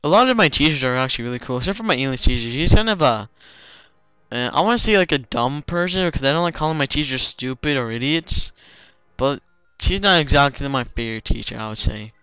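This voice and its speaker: Bright, clear young man rambling over gameplay. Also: medium pitch, animated, fast talker, dry recording, soft background music. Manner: rambling, filler-heavy, lots of "like". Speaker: let's play commentator. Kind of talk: casual game commentary.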